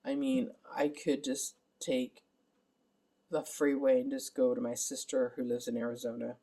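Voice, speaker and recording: A woman's voice: rumbling low, little pitch movement, normal speed, warm tone. A middle-aged woman caring for her father, giving a candid, rambling vlog update while exhausted. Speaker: family caregiver.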